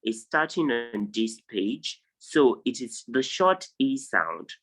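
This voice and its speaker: Slow, lively male phonics tutor. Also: mid-range voice, rough recording. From Nigeria. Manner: slow, drilling word lists aloud. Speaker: English tutor. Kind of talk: online phonics lesson. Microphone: video call.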